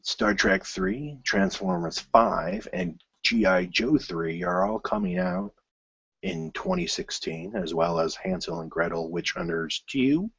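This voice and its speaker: A man with a low, slightly husky voice hosts his own film news show. He rambles casually, stumbling over restarts and fillers, then breaks into bursts of excitement. The recording is dry and a little muffled. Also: slow pace, no echo.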